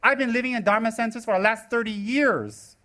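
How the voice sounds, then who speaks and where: A man in his forties from the United States, giving a live Buddhist teaching with teasing, sarcastic, animated delivery. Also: very high-pitched, a little fast. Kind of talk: live dharma talk.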